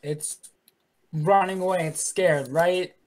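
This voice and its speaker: A player in a casual tabletop game, eager and quick to get excited. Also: mid-range voice.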